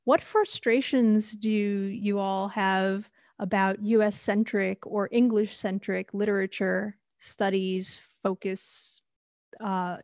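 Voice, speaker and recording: A woman's voice: mid-range voice, a little mellow, no echo, clean studio sound. A woman with a New York accent moderating a panel, chatty and self-deprecating as she introduces the guests and asks questions. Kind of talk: panel discussion.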